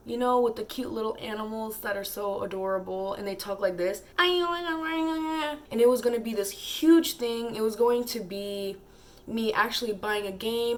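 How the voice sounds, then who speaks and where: A young woman vlogging an emotional, exasperated rant, tired and laughing through her frustration. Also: mid-range voice. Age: young adult.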